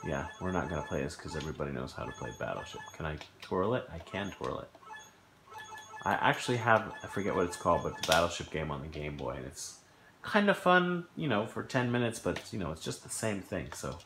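A man giving casual let's-play commentary at home, thinking aloud and getting puzzled and excited over a game. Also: deep voice, slight background noise. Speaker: gameplay commentator. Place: home living room, on a sofa. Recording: echoey room with game music behind.

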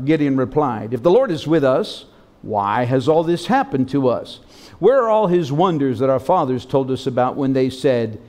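A man's voice: on the high side, a little mellow. Man preaching with dramatic scripture reading. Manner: dramatic reading, leads the congregation in call-and-response. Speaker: pastor. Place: church sanctuary.

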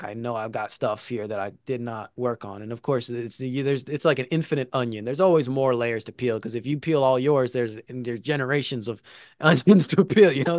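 A man tells a personal story in a loose, comic way, swearing freely and swinging between loud bursts and hushed asides. His voice sits at an ordinary middle pitch. The sound is dry and close, with no room echo.

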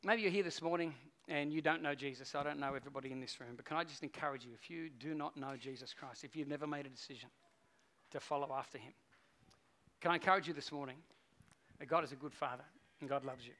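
A middle-aged man, preaching a sermon as a pastor and telling a story, swinging between hushed and loud. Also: medium pitch, fast talker.

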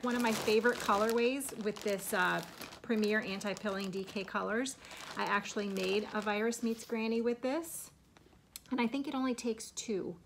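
A woman's voice: medium pitch, creaky, slight background noise. Gushing woman unboxing crafts. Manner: gushing, excitable, laughs often. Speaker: crochet vlogger. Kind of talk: casual unboxing chat to viewers.

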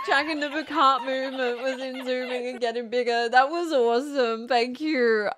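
A high-voiced woman on a live stream, reacting to a clip and repeatedly collapsing into a goofy, helpless laugh. She talks slowly and sounds breathless and lightheaded between giggles. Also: a bit bright. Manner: keeps breaking into helpless laughter.

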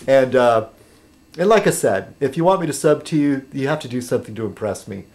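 A man vlogging casually to his subscribers, rambling and halting, with many fillers and restarts as he sips a beer. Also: medium pitch, expressive, a little mellow. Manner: chatty while sipping beer.

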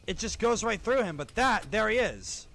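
A man streaming a horror game live, excitable and stressed, often yelling and swearing at the game. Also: sits high, normal speed, gravelly.

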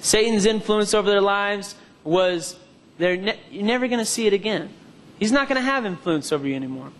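A man's voice: high-pitched, animated, brisk, slight background noise. A man preaching a sermon in a church hall, mixing personal testimony with scripture and calling for amens from the congregation. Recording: long hall reverb.

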